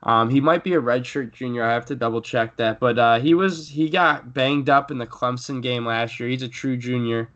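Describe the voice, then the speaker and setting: A man's voice: mid-range voice, normal speed, hardly any pauses, a bit bright, lo-fi sound. A young man co-hosting a casual sports podcast, rambling with fillers and restarts as he previews his team. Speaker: podcast co-host.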